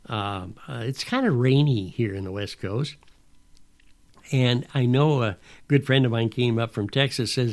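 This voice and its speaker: A man's voice: mid-range voice, a little slow. A man hosting a podcast in a rambling, folksy monologue with sarcastic asides. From Pacific Northwest. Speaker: podcast host. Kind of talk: casual monologue.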